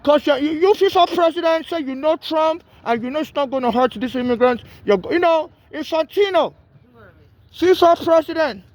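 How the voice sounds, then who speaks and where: A man's voice: very high-pitched, normal speed, no room sound. A man from Nigeria, making an urgent, rambling plea straight to camera about being homeless and mistreated. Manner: rambling, pleading, repeats himself.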